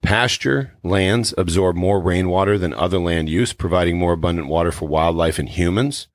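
A man hosting a wellness podcast, explaining in an earnest, measured way. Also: low voice, dry recording, clean studio sound. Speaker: podcast host. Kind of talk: casual podcast chat.

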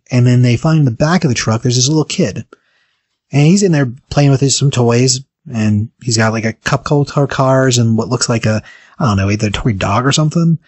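Man, casual host, rambling retelling, husky, dry sound. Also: mid-range voice, a little mellow, no echo. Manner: rambling, filler-heavy retelling. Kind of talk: casual story recap.

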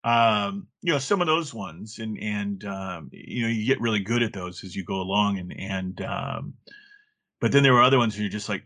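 Middle-aged male guest, low register, loose rambling delivery. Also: moderate pace, bright, forceful tone. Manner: rambling, many restarts and fillers. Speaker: guest, former game play counselor. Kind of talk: casual interview talk.

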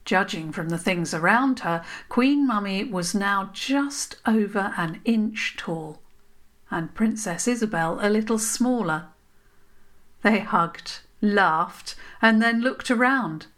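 A woman narrating a children's story in a gentle, unhurried way. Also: medium pitch.

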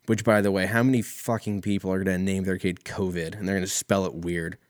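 Low-voiced man ranting casually. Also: little pitch movement, a little fast, no room sound, clean studio sound. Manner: rambling, profane, wry. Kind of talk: casual solo comedic rant.

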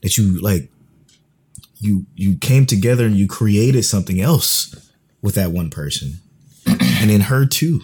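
A man co-hosting a casual podcast chat, animated and profane, laughing often. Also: fairly low pitch, a little slow, long pauses, husky. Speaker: podcast co-host.

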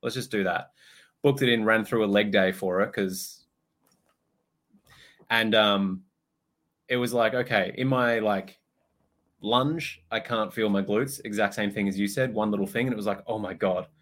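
A young man chats on a podcast. His voice sits a little low. He tells stories with lots of energy, acts out what people said, and swears casually. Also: normal speed, long pauses. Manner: animated storytelling, acts out quotes, swears. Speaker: podcast co-host, personal trainer. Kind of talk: casual chat.

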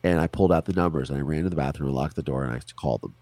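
A man in his forties, an interview guest, telling a personal story in a casual, animated way, acting out other people's lines. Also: extremely low pitch, very fast, dry recording. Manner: animated, quotes people in put-on voices, swears.

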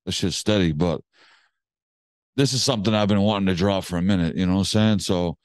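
A man's voice: deep voice, brisk, no room sound. A man telling a long story in casual slang, swearing freely and acting out what people said. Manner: animated storyteller, slangy and profane, acts out quotes.

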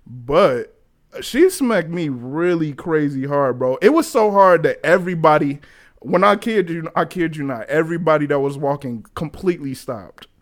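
A young man in his twenties telling a story in casual chat, animated and slangy, laughing often. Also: a little high, moderate pace.

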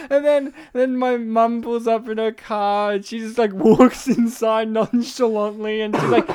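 A man spins a story in casual chat, acting out his own past lines with exaggerated sighs and huffs. His voice is smooth and clear. The sound is dry and close to the mic. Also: sits high, steady tone, moderate pace, hardly any pauses, dry recording.

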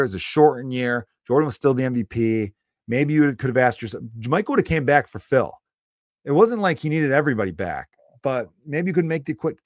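In a solo podcast rant, a Chicago-born comedian hosting his own show speaks emphatically and with firm opinions. His voice sits in the mid range. The studio sound is clean, without echo.

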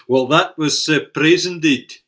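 A man's voice: fairly high pitch, fairly bright tone. A man being interviewed about his working life, speaking thoughtfully and often repeating words while he gathers his thoughts. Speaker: interview guest, fishing industry leader. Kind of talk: recorded oral-history interview.

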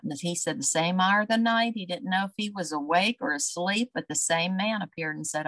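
A woman recalling family memories as an interview guest, unhurried and full of fillers. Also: on the low side, fairly bright tone, dry recording. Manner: reminiscing, unhurried, with many fillers. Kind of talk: casual storytelling.

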